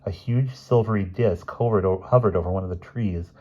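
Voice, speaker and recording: Low, husky male reader for a children's book, steady. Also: fairly quick. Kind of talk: reading a children's novel aloud. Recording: dull lo-fi recording.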